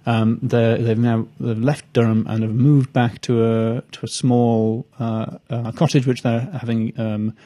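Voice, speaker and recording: A young man, a comedian guest, chatting on a live show in a mellow, darker tone. He rambles, restarts his sentences and pokes fun at himself. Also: mid-range voice, little pitch movement, a little slow, hardly any pauses. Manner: rambling, self-deprecating, many restarts and fillers. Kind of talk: casual live chat.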